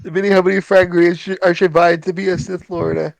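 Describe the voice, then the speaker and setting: A man's voice: sits high, little pitch movement, quick pace, creaky, no echo. A man playing in a tabletop game, chatting in a goofy, joking way and breaking into giggles. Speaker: player. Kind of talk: casual chat at a tabletop session.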